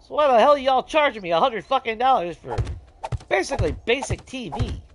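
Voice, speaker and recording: A man's voice: very high voice, fairly quick, noisy background. A man, talking casually while he plays, ranting with heavy swearing. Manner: profane, animated ranting with laughs. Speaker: gaming streamer. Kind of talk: casual ranting chat over gameplay.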